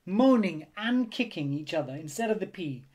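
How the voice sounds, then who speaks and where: A man reading a children's picture book aloud in an expressive storytelling manner. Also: high-pitched, moderate pace. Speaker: storybook reader.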